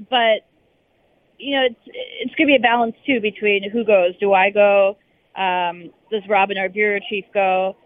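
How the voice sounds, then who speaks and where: A woman's voice: medium pitch, dry recording. A woman correspondent answering interview questions casually, hesitating with many fillers and restarts, heard over a phone call. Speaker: foreign correspondent guest. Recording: tinny phone line.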